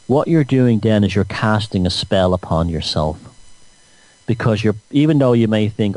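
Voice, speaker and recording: A man's voice: fairly low pitch, lively intonation, moderate pace, a little mellow, no echo, rough recording. A man hosting a radio show, rambling through a mocking, satirical monologue.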